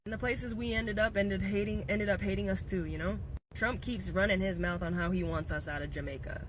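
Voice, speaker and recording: A man's voice: high-pitched, a little fast, fairly bright tone, slight background noise, poor audio. A man from southern China giving casual commentary, thoughtful and hesitant, with many fillers.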